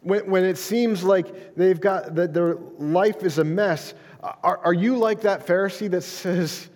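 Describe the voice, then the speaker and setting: A fairly high-voiced man preaches to his congregation, talking it through casually, restarting his words and tossing in "right?" as he goes. His voice rings out with a long hall reverb, as if from a church sanctuary. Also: unhurried, a little mellow. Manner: conversational preaching with frequent restarts and "right?" asides. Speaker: pastor. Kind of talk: sermon.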